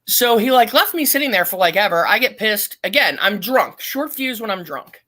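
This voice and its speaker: A middle-aged woman, a podcast guest, telling a long story in a blunt, profane and animated way. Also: mid-range voice, moderate pace. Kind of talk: casual storytelling.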